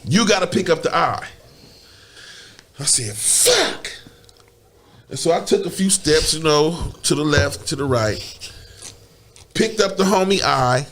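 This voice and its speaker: Animated high-voiced man telling stories. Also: measured pace, long pauses. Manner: animated, profane, repeats words, laughs often. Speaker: podcast guest. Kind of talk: casual storytelling.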